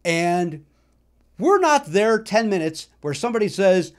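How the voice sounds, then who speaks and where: A middle-aged male comedian hosting his own podcast, telling self-mocking stories about records, with loud bursts and mumbled asides. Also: high-pitched, very animated, normal speed. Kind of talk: comic solo monologue about records.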